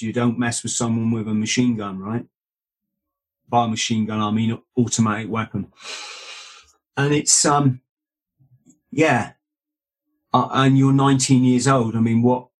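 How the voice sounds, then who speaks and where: Husky ex-Marine telling stories. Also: male voice, medium pitch. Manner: earnest, checks in with "right?" and "mate". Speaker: guest, former Royal Marine. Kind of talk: conversational storytelling.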